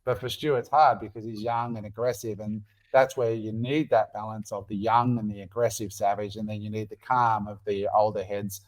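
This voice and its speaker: An Australian man in middle age co-hosts a podcast, talking casually at normal speed with few pauses in a fairly low voice. He's animated, swears freely, and acts out the quotes he relays.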